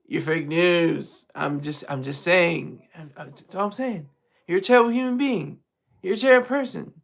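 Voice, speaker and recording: A man's voice: on the high side, moderate pace, gravelly, fairly bright tone. A man doing a blunt, dismissive older public figure.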